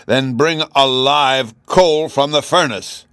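A man reading an audiobook voices a furious, bellowing male gnome king who shouts his commands. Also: lowish voice, expressive, normal speed, no room sound, clean studio sound, close to an everyday voice. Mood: roaring.

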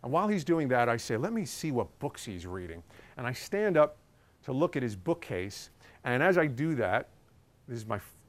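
A man's voice: medium pitch, very animated, moderate pace. A man, a journalist, telling a casual anecdote in a chatty way, with many ums and uhs.

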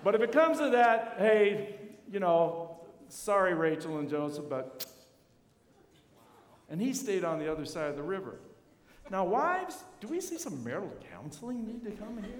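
A man, a university chaplain, preaching a sermon with animated storytelling, acting out the voices of the people in his story. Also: high voice, moderate pace. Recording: echoey hall.

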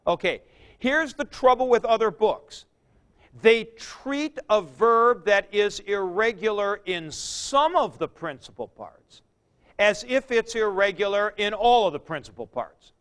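A man's voice: high-pitched, expressive, measured pace, a bit bright. A man lecturing a class on Greek verbs, drilling forms aloud and stressing key points. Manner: drills verb forms aloud, emphatic asides. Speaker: Greek teacher.

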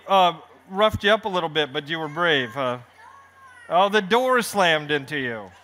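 A man reads his own picture book on a festival stage in a voice that sits high, bright, and forceful. The children's author jokes with the family audience, playing the showman with playful banter.

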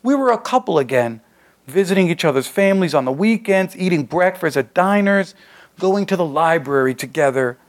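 During a live reading of his short story, a man narrates his own fiction in a loose, conversational first-person voice, streetwise and unpolished, as if talking to friends. His voice is a touch high for a man, expressive, at a moderate pace.

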